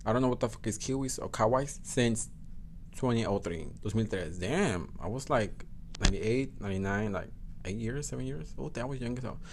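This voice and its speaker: A man's voice: medium pitch, brisk, a little hiss or hum. A man hosting a solo podcast, chatting casually, swearing often and correcting himself as he goes. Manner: profane, code-switches into Spanish, self-correcting. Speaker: podcast host.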